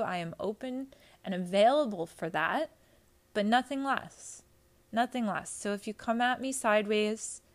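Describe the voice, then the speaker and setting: A woman's voice: mid-range voice, clear, resonant tone. A chatty woman in a mid-range voice talks straight to her viewers like a friend. She leans on fillers and hammers points home by repeating them. She is a holistic life coach speaking casually about boundaries. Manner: chatty, many fillers, emphatic repetition. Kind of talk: casual talk to camera.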